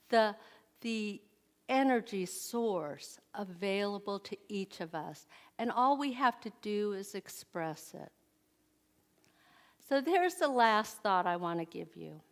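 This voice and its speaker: A middle-aged woman giving a conversational sermon at a church service, often putting questions to the audience. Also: mid-range voice. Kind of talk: inspirational sermon.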